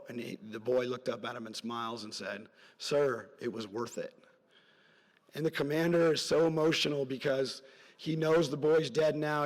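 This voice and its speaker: A middle-aged man giving a parent's graduation speech as a story, earnest and rambling, his voice dropping soft at emotional moments. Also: medium pitch. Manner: earnest, rambling with side stories, voice drops soft at emotional points. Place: large hall at a graduation ceremony. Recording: long hall reverb from a large venue.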